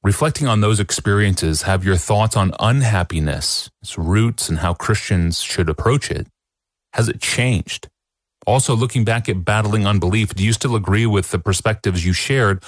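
A man hosting a podcast, reading out a listener's question in a measured, earnest way. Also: lowish voice, no room sound, studio quality. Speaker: podcast host.

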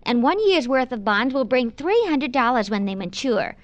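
An actress playing a prim, suspicious wife in a 1950s radio ad sketch. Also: female voice, on the high side, expressive, normal speed, no echo, muffled recording, lightly acted. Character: prim, suspicious wife pushing savings bonds.

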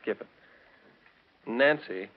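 A young actor playing an earnest young college graduate and fiancé in a 1940s radio drama, speaking mildly and hesitantly. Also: male voice, mid-range voice, takes it slowly, natural voice. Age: young adult. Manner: mild, hesitant. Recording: dull old radio recording.

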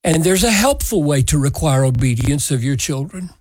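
A man preaching a sermon, expounding scripture in a measured, emphatic way. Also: on the high side, animated, a little mellow, no echo, low-quality recording. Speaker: pastor.

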